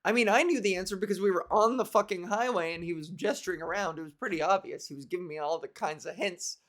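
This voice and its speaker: A woman's voice: lowish voice, quick pace. A woman comedian talks alone on her podcast from her bedroom. She rambles from one tangent to the next, sarcastic and freely profane. She breaks into laughter between riffs. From Canada. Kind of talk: solo comedic monologue.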